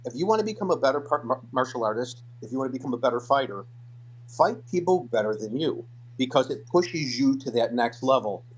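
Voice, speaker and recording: A man's voice: medium pitch, fairly quick, breathy edge. Older man telling martial arts stories. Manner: animated storyteller, acts out quotes, repeats words. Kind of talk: casual storytelling interview.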